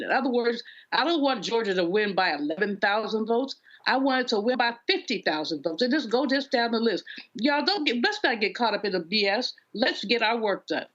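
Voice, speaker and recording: A woman's voice: fairly high pitch, fairly bright tone. Blunt woman panelist, lo-fi feed. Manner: wry, blunt, conversational. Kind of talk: political panel commentary.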